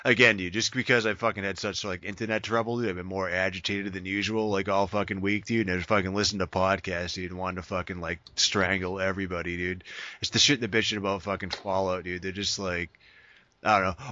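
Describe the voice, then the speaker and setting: A man's voice: low voice, little pitch movement, a little fast, bright, forceful tone, no room sound. A man chatting casually about video games, profane and ranting, saying "dude" constantly. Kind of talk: casual gaming chat. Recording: dull, dry lo-fi sound.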